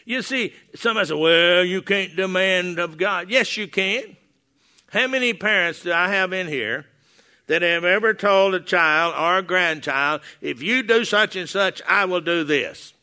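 A man's voice: sits high, moderate pace, bright, forceful tone. An older man preaching a sermon to a congregation in a church, telling folksy stories with many restarts, on a clip-on mic. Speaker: pastor. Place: church hall before a congregation. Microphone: wearing a lapel mic.

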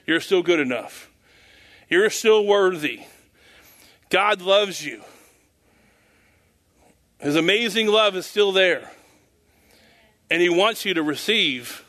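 High-voiced folksy man preaching. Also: fairly bright tone. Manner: rambling, folksy, chuckles at own jokes. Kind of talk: informal sermon.

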